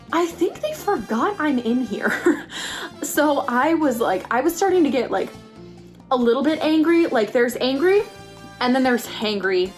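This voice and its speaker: A pregnant young woman vlogging, telling a story casually and acting out quotes with big jumps in pitch.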